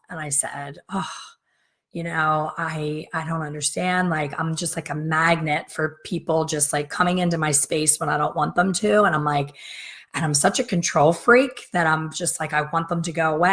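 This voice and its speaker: A middle-aged woman with a slightly raspy voice tells a long, rambling story straight to her viewers. She talks casually and acts out the lines of the people in her story. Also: lowish voice, fairly bright tone. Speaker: hair colorist and business coach. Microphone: facing camera, talking straight to viewers.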